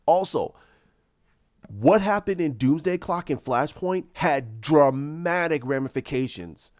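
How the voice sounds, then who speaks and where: Taking it slowly, a high-side male voice recaps a comic book story with animation, performing characters' lines and restarting many times. The sound is dry, muffled, and lo-fi.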